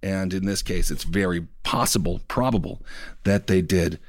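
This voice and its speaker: A man hosting a podcast, talking in a loose, animated, joking way about news. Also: low-pitched, normal speed, dry recording, studio quality. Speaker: podcast host. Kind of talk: casual political chat.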